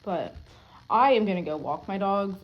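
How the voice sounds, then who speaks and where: A young adult woman vlogging at home, telling a story in a rambling, animated way, full of filler words and frequent swearing. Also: mid-range voice, normal speed, dull audio. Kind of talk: casual storytelling to camera.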